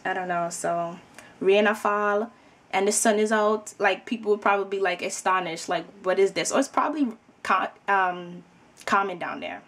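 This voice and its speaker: A woman's voice: mid-range voice, normal speed, fairly bright tone. A young adult woman from New York with a New York accent, chatting casually to camera in a rambling way full of fillers. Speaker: vlogger.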